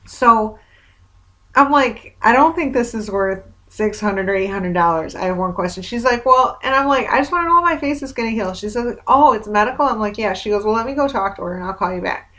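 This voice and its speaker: Woman vlogger, mid-pitched, venting to camera, rambling and wry, plainly exasperated. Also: moderate pace, fairly bright tone. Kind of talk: casual video diary.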